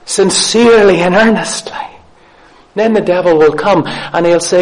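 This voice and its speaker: A man with a high voice preaches a sermon. He speaks earnestly, asks his listeners questions, and repeats key phrases for emphasis. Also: measured pace.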